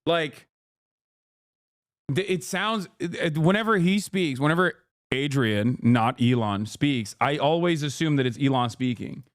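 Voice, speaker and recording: A man's voice: a little high, a little slow, no echo, studio quality. Blunt, profane male streamer. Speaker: streamer host. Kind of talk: casual reaction commentary.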